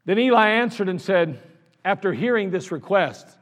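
A man's voice: sits high, lively intonation, normal speed, a bit bright. A man preaching a sermon as pastor, in an earnest, conversational way with lots of repetition. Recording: long reverb of a large hall.

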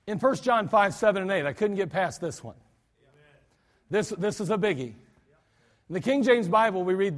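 A man's voice: sits high, normal speed. A male pastor preaching a sermon in a church, emphatic, often restarting his sentences. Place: church sanctuary. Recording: long church reverb.

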